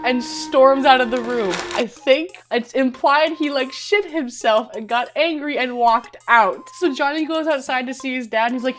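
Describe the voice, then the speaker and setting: A young woman giving a comedic movie recap, animated and laughing often, swearing as she acts out the characters. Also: sits high, normal speed, hardly any pauses, a little hiss or hum. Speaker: commentary host.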